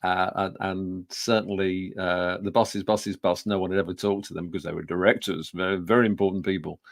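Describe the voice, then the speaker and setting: A deep-voiced man with vocal fry and little pitch movement talks fairly quickly in a dry, clean studio recording. He's a public speaking trainer in his 60s from Birmingham, England, telling an audience self-deprecating stories in a business talk full of fillers and restarts.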